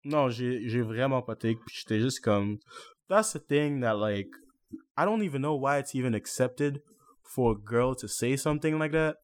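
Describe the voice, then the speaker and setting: Young man, podcast co-host, earnest, venting, mid-pitched voice, slips into french. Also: normal speed. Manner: earnest, vents at length, mixes in French. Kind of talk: casual podcast chat.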